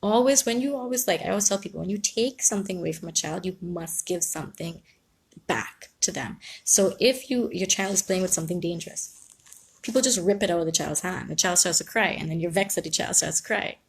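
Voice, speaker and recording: A woman counsellor speaking calmly and reassuringly on a live stream, giving advice and answering viewers. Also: fairly low pitch, fast talker, vocal fry, slightly rough. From Guyana. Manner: calm, reassuring, reads out viewer comments.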